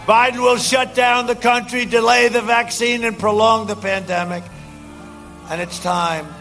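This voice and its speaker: A man with a high-set voice addresses a campaign rally in a loose, rambling way. He circles back on the same phrases and shouts lines out to the crowd. Faint music plays underneath. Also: little pitch movement, a little slow. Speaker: president speaking at a campaign rally.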